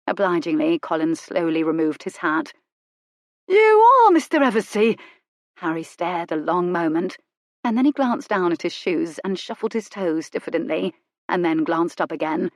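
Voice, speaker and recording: Low-voiced woman narrating a romance. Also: normal speed, a little mellow, no room sound, clean studio sound. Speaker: audiobook narrator. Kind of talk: scripted narration.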